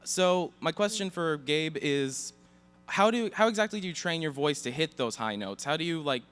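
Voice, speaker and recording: Polite young man with a smooth voice. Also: on the high side, expressive, normal speed, a bit bright, soft background music. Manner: hesitant, polite. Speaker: audience member asking a question. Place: convention hall.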